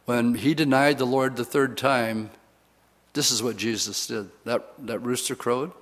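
A man's voice: mid-range voice, fairly even intonation, unhurried. A man preaching a sermon and acting out the lines of the people he quotes. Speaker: pastor. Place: church. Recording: long reverb of a church hall.

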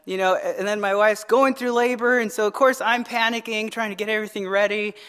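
A male pastor in his thirties, preaching with a high voice. His delivery is animated and conversational, full of "right?" asides. He often doubles the first word of a phrase as he goes. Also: a little fast, smooth. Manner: animated storytelling with frequent "right?" tag questions; repeats words when starting phrases. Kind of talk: sermon.

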